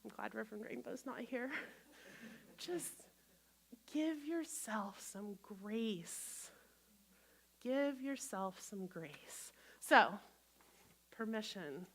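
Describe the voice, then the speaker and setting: A woman minister giving a gentle, conversational sermon to a congregation, acting out inner voices as she talks. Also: a little high, expressive, extremely slow, long pauses. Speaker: guest minister.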